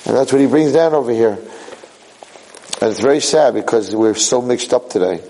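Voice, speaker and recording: A man giving a sermon as a rabbi, animated and conversational, repeating phrases for emphasis. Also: medium pitch, normal speed, low-quality recording.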